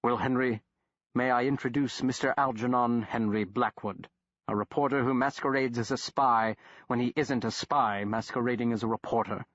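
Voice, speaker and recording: A man voicing an impatient, sharp-tongued doctor who snaps his words curtly. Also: mid-range voice, fairly even intonation, normal speed, dry recording, lo-fi sound, close to an everyday voice. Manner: curt, exasperated, snapping.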